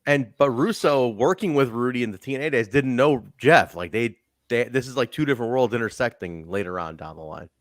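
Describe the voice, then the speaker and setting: A man hosting a casual podcast chat, animated and laughing often. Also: medium pitch, brisk, no room sound, clean studio sound. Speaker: podcast host.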